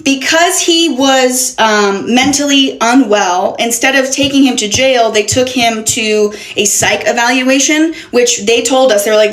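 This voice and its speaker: A woman's voice: fairly high pitch, unhurried, few pauses. A young woman telling an exasperated, profanity-laced story in a casual storytime. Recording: roomy echo.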